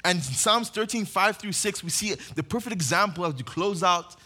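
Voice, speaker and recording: A man's voice: high-pitched, moderate pace. A young man preaching a sermon in a conversational style, often asking his listeners questions. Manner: conversational and animated, often asks the crowd questions. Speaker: pastor.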